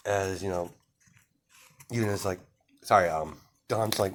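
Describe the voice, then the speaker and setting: A man's voice: sits low, measured pace, long pauses, slight background noise. A man improvising a fan-fiction story, narrating hesitantly with many fillers and restarts.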